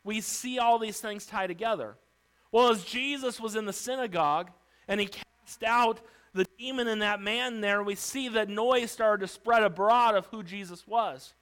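A man preaching a sermon as pastor, emphatic, swinging between loud declarations and hushed lines, acting out pleas. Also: sits high, smooth, low-quality recording. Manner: acts out Bible characters' pleas.

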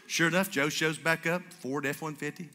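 With a slightly high voice and a slightly quick pace, a pastor animates his sermon's stories by acting out the dialogue. He speaks into a stage microphone before a congregation, and the church hall adds plenty of reverb.

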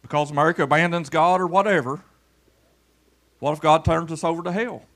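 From Kentucky, a male pastor gives a rustic sermon in church a little on the fast side, summoning people to the front for a demonstration. His voice veers between loud calls and low murmurs.

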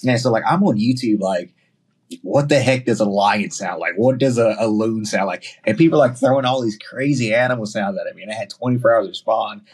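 A man with a Southern US accent, a podcast guest telling stories in casual chat, animated and acting out other people's lines. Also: fairly low pitch, breathy edge. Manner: animated, quotes himself and others in quick bursts.

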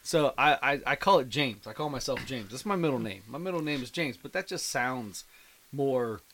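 A young man talks through a loose, rambling chat. He tells animated stories and laughs often. His voice sits at an ordinary middle pitch. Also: normal speed, slight background noise. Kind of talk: casual chat.

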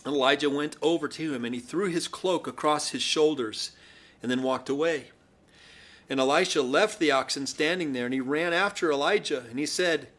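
A man's voice: fairly high pitch, normal speed, fairly bright tone. A male preacher delivering a sermon, retelling the story with wry asides.

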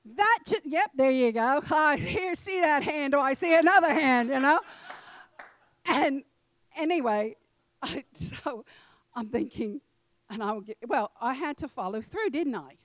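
Middle-aged woman, church speaker, animated storyteller who laughs along, higher voice, dry recording. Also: unhurried, no room sound, rough recording. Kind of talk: personal story in a sermon.

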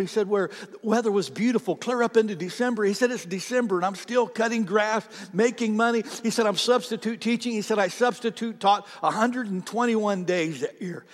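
High-voiced impassioned male preacher in a reverberant hall. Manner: impassioned preaching, rising to near-shouts and dropping to quiet. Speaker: pastor. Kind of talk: sermon. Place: church sanctuary.

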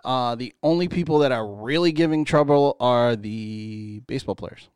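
A man hosting a casual podcast chat, loose and excitable, swearing freely as he talks. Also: mid-range voice, moderate pace, smooth, dry recording, clean studio sound. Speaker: podcast host.

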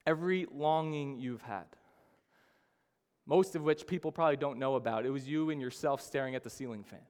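A man preaching a sermon as a pastor, telling the story with sudden rises in pitch and volume. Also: a little fast, a little mellow, clean tone. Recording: long hall reverb.

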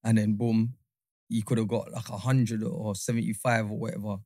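A man co-hosting a podcast, excitable and slang-heavy in casual banter. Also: lowish voice, moderate pace, no room sound, clean studio sound. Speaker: podcast co-host.

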